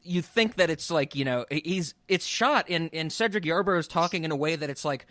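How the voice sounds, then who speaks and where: Podcast co-host guy, chatty, laughs a lot, slightly high voice, dry close mic. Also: a little fast, a bit bright, no echo. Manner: chatty, laughs a lot, many fillers and restarts. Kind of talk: casual chat.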